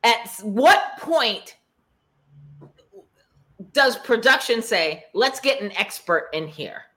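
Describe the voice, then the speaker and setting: A woman co-hosting a casual recap chat over a video call, blunt and animated, acting out what others said. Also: fairly high pitch, slow pace. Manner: blunt, animated, acts out quotes. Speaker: podcast co-host.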